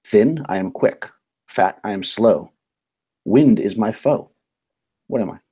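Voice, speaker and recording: Stern riddling statue, played by a man, unhurried, deep and husky. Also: mellow. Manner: slow, measured riddle recital. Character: stern ancient riddle-telling magic statue.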